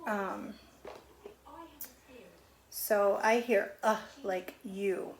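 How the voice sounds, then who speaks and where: A middle-aged woman teaching a phonics lesson on video at home, stretching out letter sounds slowly and patiently. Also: medium pitch, fairly even intonation, slight background noise. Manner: slow, drawn-out sounding of letters. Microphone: camera on video.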